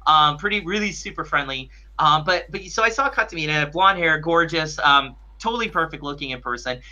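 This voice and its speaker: A man's voice: fairly high pitch, brisk, pushed and bright, highs cut off. A man co-hosting a podcast, telling a story in casual chat with lots of restarts and fillers. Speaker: podcast co-host.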